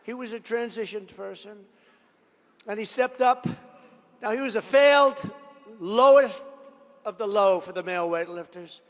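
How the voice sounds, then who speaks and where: A man's voice: sits high, unhurried, long pauses, fairly bright tone. A man giving a rally speech, rambling into stories and boastful asides and repeating his points for emphasis. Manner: repetitive, emphatic phrasing. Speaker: politician addressing a rally. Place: large event venue. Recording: long hall reverb from a big venue.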